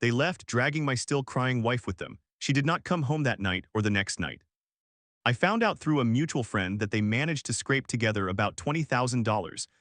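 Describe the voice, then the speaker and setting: A man reading a first-person family drama story aloud in a calm, even narrating voice. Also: medium pitch, moderate pace, no room sound.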